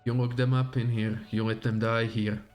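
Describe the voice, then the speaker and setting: A man voicing a stern, grim woman investigator who speaks low, slow and menacing, read aloud from a game story on a livestream. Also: flat delivery, darkish tone, soft background music, close to an everyday voice. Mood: accusing.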